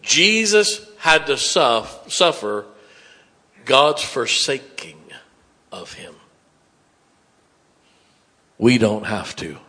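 A man preaching a sermon, dropping to hushed tones and rising to loud emphatic bursts. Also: mid-range voice, sing-song, drawn-out words, long pauses. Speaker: pastor.

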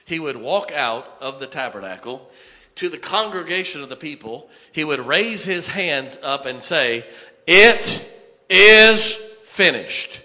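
A man preaching a sermon with fervor, repeating lines for emphasis and swinging from quiet to loud. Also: medium pitch, lively intonation, normal speed. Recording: long hall reverb.

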